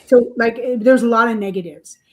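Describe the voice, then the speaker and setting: As a podcast guest, an older author shares her story in a meandering, conversational way, sprinkled with fillers and soft laughs. Her voice is a little high with a darkish tone, and her pace is fairly quick.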